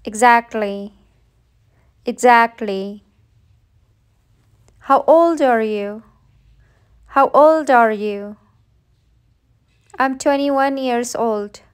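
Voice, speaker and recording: A woman with a high voice reads short everyday phrases for beginners. She speaks very slowly and carefully, often saying each phrase twice so learners can repeat it. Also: clean tone. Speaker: English teacher. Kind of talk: slow read-aloud phrase drill.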